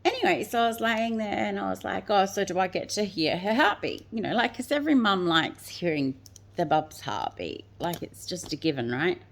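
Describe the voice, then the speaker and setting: A woman's voice: mid-range voice, sing-song, normal speed, gravelly. A woman hosting her own show, telling a personal story casually, full of "like" and "you know" fillers. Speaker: host.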